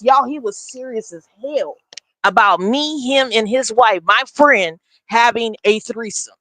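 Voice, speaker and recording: A woman telling a story in a blunt, animated way. She swears freely and talks straight to her listeners as y'all. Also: a little high, measured pace, dry recording, poor audio. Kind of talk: casual storytime.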